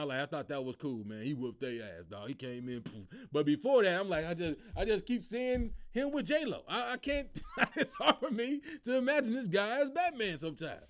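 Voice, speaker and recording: A man hosting a comedy podcast, talking casually in slang and laughing often as he ranks things. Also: high-pitched. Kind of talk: casual comedic ranking monologue.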